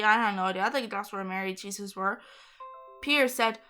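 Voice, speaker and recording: A woman's voice: mid-range voice, quick pace, bright, forceful tone, soft background music. A young woman reading a Bible story aloud, stumbling over hard names and adding chatty asides.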